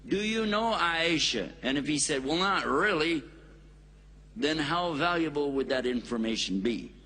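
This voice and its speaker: A man's voice: fairly high pitch, lively intonation, normal speed, fairly bright tone. A man with an American accent giving a public Islamic lecture, folksy and joking, stressing words for emphasis. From United States. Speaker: Islamic preacher. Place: lecture hall in India.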